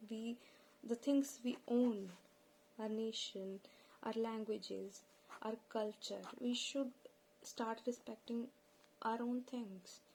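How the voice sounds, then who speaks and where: A woman from India with a Punjabi accent, hosting an informal spoken lesson in a slow, earnest, plain-spoken way. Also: a little high, fairly even intonation, dark tone, a little hiss or hum, low-quality recording. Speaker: channel host.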